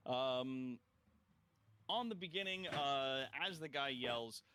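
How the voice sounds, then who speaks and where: A man's voice: medium pitch, animated, slow, bright, forceful tone, clean tone. A man running a tabletop game as game master, narrating casually and playfully, laughing often and using lots of fillers.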